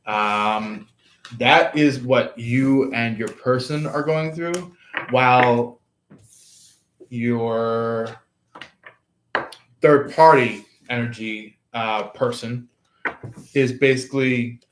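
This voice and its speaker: A man giving a casual tarot reading at an unhurried pace, wandering through his thoughts with fillers and restarts. His pitch sits mid-range and he talks directly to his viewers. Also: background noise. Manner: rambling, many fillers and restarts. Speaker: tarot reader.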